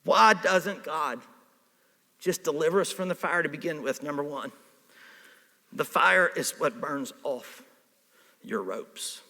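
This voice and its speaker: Man preaching, high voice, bright tense tone, hushed to shouting, long hall reverb. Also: takes it slowly, long pauses. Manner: animated, swings from hushed to shouting. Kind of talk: sermon.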